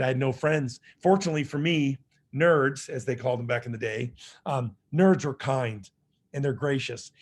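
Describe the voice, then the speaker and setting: A middle-aged man giving a motivational speech, telling his own story in an earnest, conversational way, with frequent fillers and restarts. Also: mid-range voice. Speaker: motivational speaker.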